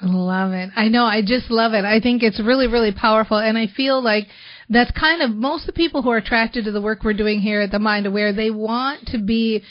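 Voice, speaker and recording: A woman's voice: fairly high pitch, steady tone, brisk, lo-fi sound. A woman hosting a podcast, chatting enthusiastically and filling her talk with "like" and "you know". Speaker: podcast host. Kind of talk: casual interview chat.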